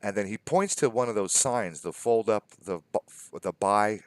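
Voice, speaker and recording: Low-voiced man telling exasperated stories. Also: moderate pace, dry recording. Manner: storytelling, quoting others in mock dialogue, exasperated. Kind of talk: casual conversation.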